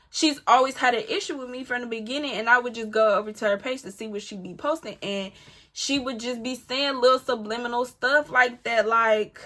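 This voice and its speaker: A woman vlogger spins a personal story in a casual, animated way, calling out to her audience and swearing freely. Her voice sits a little high and rings bright and forceful. She leans hard on the key lines. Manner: animated, emphatic, addresses listeners as y'all; candid and profane, talks back to her rival.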